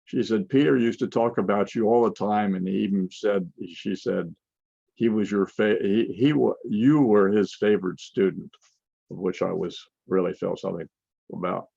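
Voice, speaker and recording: Older man lecturing, gravelly and halting. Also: on the low side, dark tone, dry recording, dull audio. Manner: halting, with frequent restarts and fillers. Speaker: conference speaker. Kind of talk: lecture with slides.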